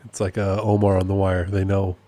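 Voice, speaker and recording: A man's voice: low voice, monotone, fairly quick, warm tone, no echo. A man hosting a casual solo podcast update, rambling and amused at himself, often repeating his points. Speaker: podcast host and process server.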